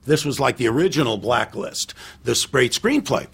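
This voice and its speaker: An older man, a film director guest on a podcast, telling animated anecdotes, acting out other people's lines and restarting his sentences with lots of fillers. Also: medium pitch, normal speed, gravelly, breathy edge. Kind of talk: casual storytelling interview.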